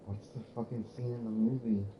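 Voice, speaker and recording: A man's voice: mid-range voice, little pitch movement, fairly quick, recorded from a distance, slight background noise. A man streaming a video game, chatting casually and rambling, swearing now and then. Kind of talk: casual let's-play chat. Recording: echoey room, dull lo-fi sound.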